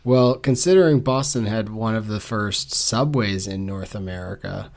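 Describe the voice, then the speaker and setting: A man's voice: lowish voice, moderate pace, darkish tone. A man co-hosting a book podcast, talking in a blunt, joking, rambling way. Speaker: podcast co-host. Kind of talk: casual book-club chat.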